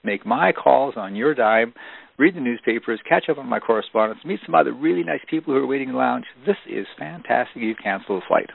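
A man's voice: mid-range voice, fairly quick, creaky, slightly rough, no echo, heavily acted. A man quoting a relentlessly upbeat older male speaker who cheerfully lists reasons. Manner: cheerful, listing reasons calmly. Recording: dry, phone-like narrow band.

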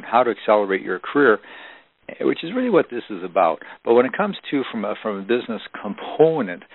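Man, motivational trainer, gravelly, emphatic storytelling, narrow phone-like sound. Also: fairly low pitch. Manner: storytelling, emphatic, with frequent restarts. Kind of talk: recorded seminar talk for audio CD. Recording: dry, phone-like narrow band.

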